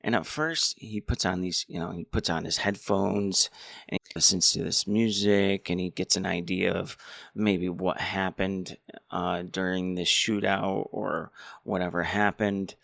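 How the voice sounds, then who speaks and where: A man's voice: sits low, fairly even intonation, measured pace, creaky, a bit bright, no room sound, studio quality. A man rambling casually through a movie review. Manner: rambling, many restarts. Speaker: movie commentator.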